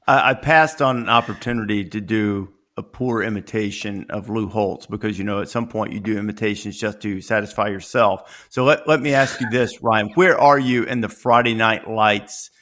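A man's voice: fairly low pitch, normal speed, hardly any pauses. A man hosting a sports podcast, chatting casually and telling stories with playful, building energy. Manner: playful, rising into animated storytelling. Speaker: podcast host.

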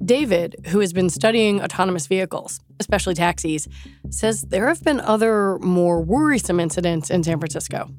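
A woman's voice: fairly low pitch, animated, fairly quick, darkish tone, faint music behind. Woman hosting a tech podcast. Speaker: host. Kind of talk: scripted podcast narration.

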